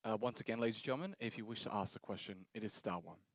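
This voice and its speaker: Low-ish voiced operator guy reeling off call announcements super fast. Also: no echo. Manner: formal, rapid scripted announcements. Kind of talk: scripted call moderation. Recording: dry lo-fi audio.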